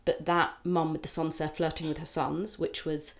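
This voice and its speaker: Low-voiced woman comedian chatting. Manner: quick, animated and chatty. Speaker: comedian guest. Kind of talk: casual podcast chat.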